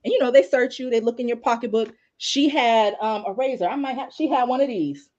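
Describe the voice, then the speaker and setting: Animated woman attorney telling stories. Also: on the high side, fairly quick, lo-fi sound. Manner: animated, conversational, many fillers. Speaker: criminal law attorney, guest. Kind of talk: casual storytelling in a live discussion.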